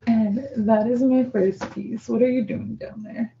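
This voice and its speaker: A woman on a video call who reads her own poetry and talks about it, in an unhurried, reflective way with casual fillers. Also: on the high side, steady tone, vocal fry, warm tone, muffled recording, slight background noise. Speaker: guest poet.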